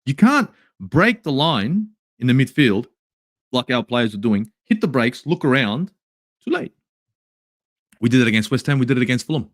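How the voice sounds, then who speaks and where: Broadcasting his football channel from home in Sydney at night, an Australian man works through a match review in an angry, exasperated, swear-filled rant. His mid-range voice is very animated at a moderate pace, captured in studio quality with no echo.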